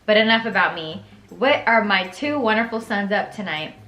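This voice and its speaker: A woman reading a gentle, warm mother. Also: mid-range voice, lively intonation, moderate pace, reverberant. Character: warm, caring middle-aged mother.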